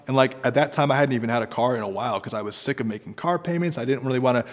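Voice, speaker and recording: A man giving freelancing advice straight to the camera, talking in a direct, conversational way that turns animated. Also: mid-range voice, very fast, in a large hall. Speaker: entrepreneur guest giving advice.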